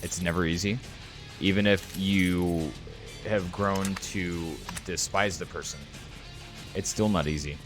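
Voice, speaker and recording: Over background music, a man in his thirties chats slowly with his live-stream audience while gaming. His voice is low and steady in tone, and he meanders earnestly, letting his emotions show.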